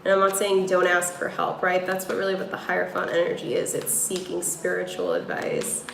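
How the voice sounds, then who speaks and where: A woman with a New York accent talks casually to her livestream viewers from home, drifting between thoughts and leaning on fillers. Her voice sits low with a gravelly fry. The room sounds echoey, and steady noise runs underneath. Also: brisk. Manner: rambling, filler-heavy, talking to viewers. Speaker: tarot reader livestreaming.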